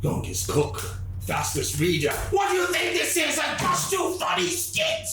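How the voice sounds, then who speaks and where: A man playing an exasperated male spokesman at a press conference, breaking into shouted rants. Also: very high voice, wildly swooping pitch, a little slow, vocal fry, soft background music, heavily acted. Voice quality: shouting rants with sudden outbursts. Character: exasperated male record-keeping spokesman, ranting. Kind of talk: sketch comedy acting. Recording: echoey room with faint noise.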